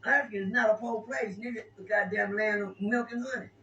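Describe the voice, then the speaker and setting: Brief: high-pitched man, stammering storyteller, recorded far off in a roomy space. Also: steady tone, brisk, sharp tone, dull audio. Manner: rambling, stammering with repeated words. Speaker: interview guest. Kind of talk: casual storytelling. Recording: echoey room, distant mic, faint noise.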